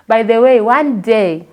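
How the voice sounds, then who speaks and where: A woman from Kenya with a Kenyan accent, a guest telling her personal story in an expressive way and acting out the people she quotes. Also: on the high side. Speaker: interview guest.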